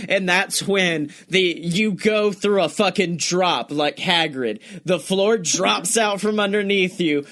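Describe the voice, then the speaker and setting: A young man co-hosting a podcast, chatting casually, excited and swearing often, laughing as he talks. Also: high voice. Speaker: podcast co-host. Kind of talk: casual chat.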